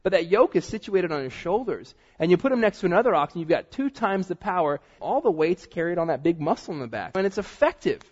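A man preaching a sermon in a lively way, sometimes dropping to a quiet, stressed delivery. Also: sits high, fast talker, few pauses. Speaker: pastor. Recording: dull sound with long hall reverb.

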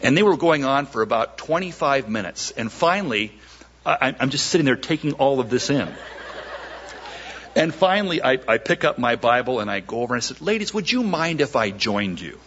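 A man, a pastor, telling a story in a sermon, animated and acting out the voices of people he quotes, on a dull lo-fi recording. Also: medium pitch, a little fast, slight background noise.

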